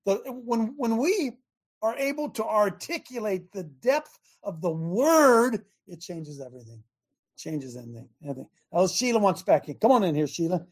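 A man's voice: sits high, very animated, moderate pace, slightly rough. Male call-in host, preachy and emphatic, hammers points by repeating himself. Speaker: talk show host. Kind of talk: call-in religious talk show.

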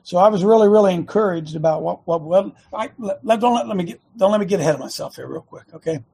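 A middle-aged man hosting a Christian talk show, rambling and preachy, with many restarts and a slightly hoarse throat. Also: sits high, fast talker, mellow.

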